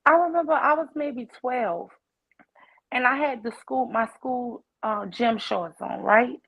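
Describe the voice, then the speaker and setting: A woman's voice: a little high, a little slow, gravelly, breathy edge. Woman telling a story. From New Orleans. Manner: animated, addresses listeners as y'all, acts out voices in her story. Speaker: participant sharing a personal story. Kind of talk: casual storytelling in a group call. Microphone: online call device. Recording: dull lo-fi call audio.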